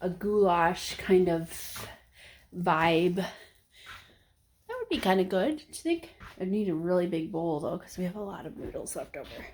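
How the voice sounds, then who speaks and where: A woman's voice: fairly low pitch, animated, measured pace, darkish tone, a little hiss or hum. A young woman rambling casually to the camera while she cooks, a little out of breath. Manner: rambling, chatty, self-talking while cooking. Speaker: vlogger. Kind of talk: casual cooking vlog chat.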